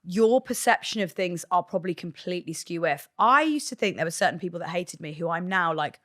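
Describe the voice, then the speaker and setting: A woman, talking casually on a podcast, chatty and swearing freely in quick bursts. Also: on the low side, lively intonation, a bit bright. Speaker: podcast guest, presenter. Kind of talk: casual chat.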